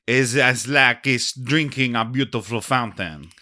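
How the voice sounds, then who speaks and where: A man's voice: mid-range voice, a little slow, voice pushed up. A man voicing a pushy, absurd French waiter with a thick put-on French accent and broken English. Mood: insistent. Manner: broken English, earnest and deadpan.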